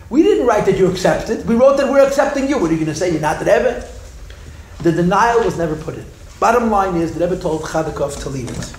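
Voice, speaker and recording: A man teaching a class and telling a story with a fairly high voice. He acts out the people he quotes, pushing his voice up for them. He often doubles back on his words as he talks. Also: a little hiss or hum. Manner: animated, raises his voice when quoting people; repeats words as he thinks. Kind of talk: storytelling lecture.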